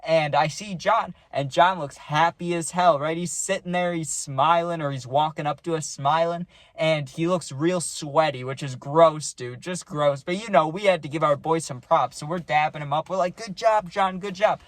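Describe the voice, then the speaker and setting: A man's voice: fairly high pitch, moderate pace, hardly any pauses, no echo. A young man casually telling a rambling party story, full of slang and saying "dude" a lot.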